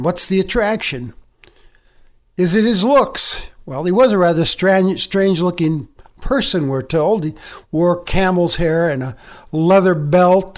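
A man delivering a church sermon, his voice sitting a little higher than most men's. He reads the passage aloud and then preaches, lifting his pitch on quoted words to stress them. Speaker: pastor.

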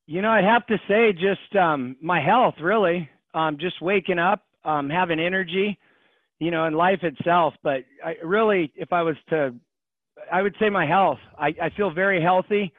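A man's voice: high voice, normal speed, no echo. A man in his forties who is a podcast guest, speaking earnestly and hesitantly with many fillers. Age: 40s. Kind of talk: casual interview chat. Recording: tinny phone-like line.

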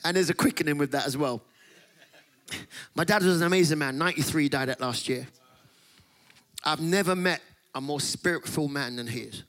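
A man preaching a Pentecostal-style sermon to a conference audience, impassioned, sometimes shouting and half-singing his phrases. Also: on the high side, a little fast, pauses often. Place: conference hall.

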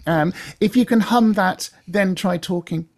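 A woman's voice: mid-range voice, a little slow, a little mellow. A woman, working as a voice coach, explaining in a chatty way and demonstrating sounds.

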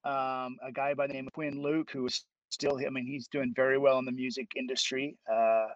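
A man's voice: mid-range voice, level tone, moderate pace, dry recording, highs cut off. A man guest in a casual interview, easygoing and laughing often, with hesitant fillers as he recalls things. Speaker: guest, musician and arts teacher.

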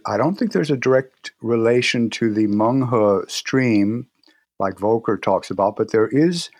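A man speaking as an interview guest, telling stories in a relaxed way with frequent restarts and pauses. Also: mid-range voice, no echo, clean studio sound. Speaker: guest, herbal medicine practitioner. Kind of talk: casual interview talk.

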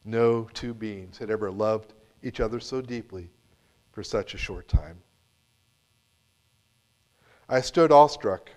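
A man's voice: fairly low pitch, slow pace, long pauses. A man preaching a sermon, reading a story with dramatic swings from full voice down to near-whispers. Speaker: pastor.

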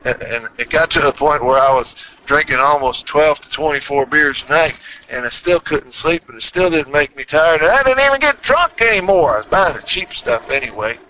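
A man's voice: fairly high pitch, lively intonation, normal speed, pushed and bright, poor audio. A man with a Texas accent hosting a motivational podcast, talking earnestly and folksy, with lots of repeated rhetorical questions. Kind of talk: motivational monologue.

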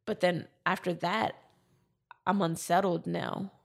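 A woman's voice: fairly low pitch, level tone, slow, gravelly. A woman in her twenties telling a personal story in casual chat, with lots of fillers.

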